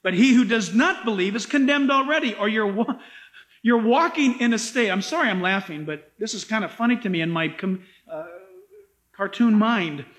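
A pastor delivers a sermon in a strikingly high male voice. He preaches with animated, dramatic emphasis, pressing each point home. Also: moderate pace.

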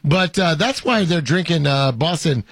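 A man's voice: fairly high pitch, animated, measured pace, a bit bright, no echo, clean studio sound. A man hosting a show, reading viewer comments in casual banter, hesitant with many fillers and playfully pompous. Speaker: host.

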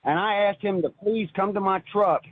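Husky man talking over a tinny phone line. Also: high-pitched, moderate pace, dry recording. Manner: earnest, rambling, repeats words when stirred. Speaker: caller. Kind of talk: emotional call-in storytelling.

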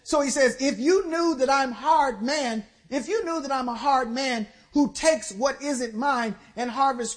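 A woman preacher delivering a sermon, exhorting the congregation with call-and-response, slowing for stressed phrases and speeding through quick bursts. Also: high-pitched.

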